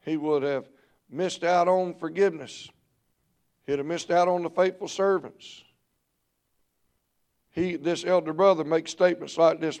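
Gravelly preacher, rising to shouts. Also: male voice, a little high, steady tone, a little slow, pauses often. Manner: preaches with swings from murmurs to shouted peaks. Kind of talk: revival sermon. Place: church sanctuary.

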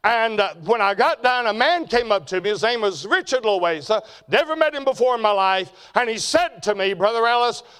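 Older man, slightly high voice, folksy storytelling preacher, hushed asides to shouted fervor. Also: expressive, moderate pace, hardly any pauses, clear, resonant tone. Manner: folksy, swings from quiet storytelling to loud shouting. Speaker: preacher and ministry president. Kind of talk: storytelling sermon.

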